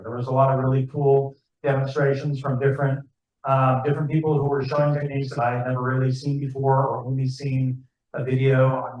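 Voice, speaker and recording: Man, casual club talk, chatty, asks the audience questions, muffled distant recording. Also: medium pitch. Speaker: club demonstrator giving a talk. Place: club meeting room. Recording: far-off, echoey, muffled room recording.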